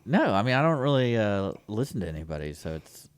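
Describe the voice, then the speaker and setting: A man's voice: on the low side, big pitch swings, fairly quick, smooth. A man co-hosting a radio show, joking about himself in casual banter. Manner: self-deprecating, wry banter. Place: radio studio.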